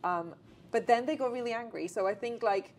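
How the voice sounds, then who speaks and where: A woman, a guest speaking as an actress in a casual conversation. She talks in a lively run, with restarts and many fillers. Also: fairly high pitch, fairly quick, slight background noise. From Latin America. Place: theatre.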